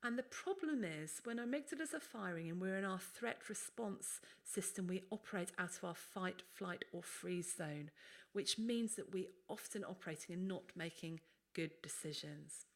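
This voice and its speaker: A woman's voice: lowish voice, moderate pace. A woman, a doctor, giving a conversational, explanatory webinar presentation.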